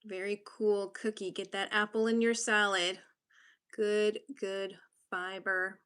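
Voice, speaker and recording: An upbeat woman hosts a casual livestream in a mid-pitched voice, chatty and friendly with each viewer. She grew up in Massachusetts and talks easily and informally. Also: level tone, takes it slowly, a bit bright, clear, resonant tone. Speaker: livestream host. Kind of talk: casual live-stream chat.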